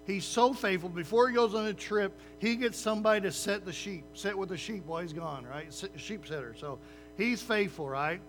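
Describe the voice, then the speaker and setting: Guy preaching a sermon, really high voice, chatty, keeps asking right?. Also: moderate pace, faint music behind. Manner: conversational preaching with frequent "right?" asides; lively, uses sports comparisons. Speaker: pastor.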